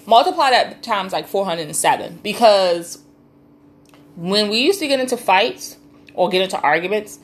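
A woman's voice: mid-range voice, lively intonation, normal speed. A woman breaking into the conversation to add her own side of the story, teasing and profane. Her voice sits in a middle register, and she talks loosely, like family chatting. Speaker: podcast co-host. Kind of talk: casual chat.

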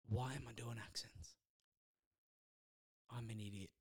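Slow rambling male podcaster. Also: mid-range voice, steady tone, husky. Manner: rambling, self-deprecating, halting restarts. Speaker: podcast host. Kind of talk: casual rambling movie review.

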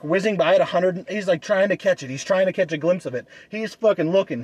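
A young man in a heated comedic argument, boastful and swearing heavily as he talks fast. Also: high voice, darkish tone, husky, poor audio. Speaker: debater.

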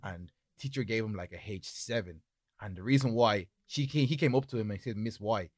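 A young man in a casual chat, telling animated school stories that swing from mumbles to loud laughing outbursts. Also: on the low side, a little fast, dry recording, clean studio sound. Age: young adult.

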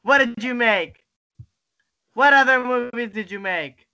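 A young adult on a webcam video call, ranting and swearing constantly, bursting into shouts and cry-like laughter. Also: mid-range voice, unhurried, lo-fi sound. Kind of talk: casual profane rant.

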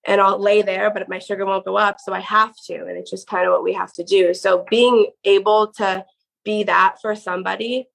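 A woman's voice: medium pitch, fairly even intonation, normal speed, creaky, low-quality recording. A woman guest telling her story in a casual, chatty way, full of "like" fillers. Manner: chatty, peppered with "like". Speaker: podcast guest.

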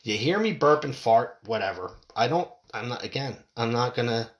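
A man's voice: medium pitch, animated, moderate pace. A middle-aged man ranting heatedly and profanely into a desk mic at home. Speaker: podcaster. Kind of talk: ranting monologue. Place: home room, window open.

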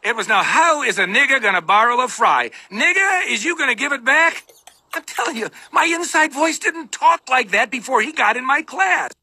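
An actor playing an exasperated male teacher in a cartoon, ranting about a pupil in a husky voice. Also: very high-pitched, lively intonation, normal speed, pushed and bright, full character voice. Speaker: cartoon character in a played clip. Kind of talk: cartoon voice acting.

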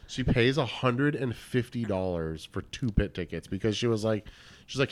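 A man's voice: lowish voice, lively intonation, normal speed. A man telling a long story on a podcast in a casual, laid-back way, full of slang. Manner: laid-back, crude slang, peppers speech with "bro" and "dude". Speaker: podcast guest.

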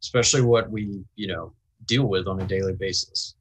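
A man voicing a quiet, reclusive male collector of family heirlooms who talks in a hesitant, halting way. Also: low voice, breathy edge, rough recording. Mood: defensive. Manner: hesitant, halting with many restarts.

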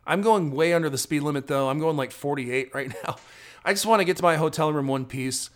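A man's voice: fairly high pitch, brisk. A tired man chatting and rambling casually into his phone while driving his car at night. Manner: chatty, rambling, self-deprecating. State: tired, drowsy. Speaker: travel vlogger.

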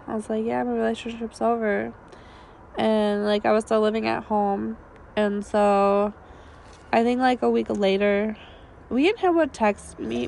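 A woman, co-hosting a podcast, telling a long personal story in a raspy voice with many fillers while losing her voice. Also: a little high, darkish tone, slight background noise. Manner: rambling, filler-heavy storytelling. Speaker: podcast co-host. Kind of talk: casual storytelling chat.

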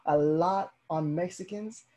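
Man, podcast host, husky voice, slightly high pitch, casual animated storytelling. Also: measured pace. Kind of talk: casual conversation.

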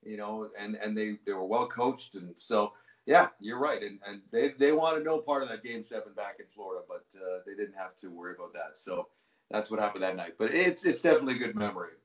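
A man's voice: fairly low pitch, fairly quick. Male hockey play-by-play caller as a guest, easygoing anecdotal storyteller, roomy sound. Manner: relaxed, rambling with frequent restarts.

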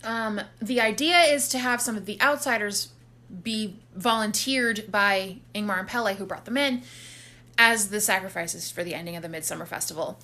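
Bright-voiced woman recapping a film. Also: mid-range voice, moderate pace. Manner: animated storytelling, acts out characters' lines. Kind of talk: casual movie recap chat.

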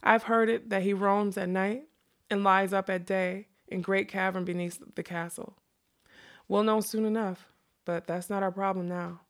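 A woman voicing a wry middle-aged male magician in a novel read aloud, speaking in a hushed, measured way. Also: medium pitch, steady tone, lightly acted.

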